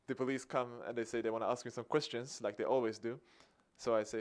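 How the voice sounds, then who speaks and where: Swedish guy giving a talk, mid pitched, acts out the back and forth with a little laugh. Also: fast, few pauses. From Sweden. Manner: lively storyteller acting out dialogue with a chuckle. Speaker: activist speaker. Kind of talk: public talk.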